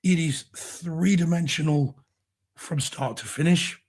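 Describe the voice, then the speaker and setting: A man co-hosting a casual home theater chat show, his voice going hoarse, talking with enthusiasm about films and discs. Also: on the high side, slow, a little mellow. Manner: enthusiastic, effusive. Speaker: co-host.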